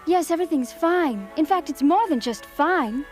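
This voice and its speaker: Meg, a dreamy excitable girl. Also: high voice, normal speed, soft background music. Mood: excited. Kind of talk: dubbed cartoon acting.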